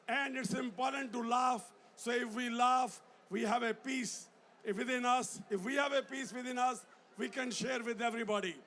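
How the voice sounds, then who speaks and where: Man leading laughter yoga outdoors, very high voice, gravelly, bright, shouting. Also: fairly even intonation, normal speed, a little hiss or hum. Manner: shouting, bursts of hearty laughter. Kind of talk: leading a crowd in laughter exercises. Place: outdoor event in a city square.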